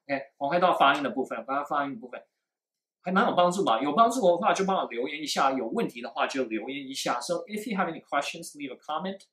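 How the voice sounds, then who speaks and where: A man's voice: a little high, lively intonation, quick pace, fairly bright tone, reverberant, rough recording. A man teaching a live-stream lesson, repeating his points and quizzing viewers with questions. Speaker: English speaking teacher.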